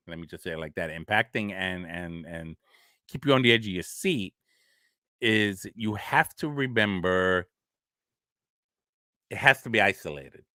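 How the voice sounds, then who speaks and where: A man talks through a horror film in a casual live chat. He acts out scenes and laughs a lot. His voice sits low but sounds bright and forceful, with a dry, close sound. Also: dry recording. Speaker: horror show host.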